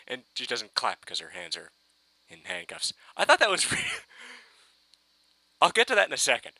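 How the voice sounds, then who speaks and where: Man, rambling excitable fan rant, gravelly edge, lively up-and-down delivery. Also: mid-range voice, normal speed, pauses often, dry recording, low-quality recording. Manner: excitable, rambling, swears, frequent restarts. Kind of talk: casual fan review rant.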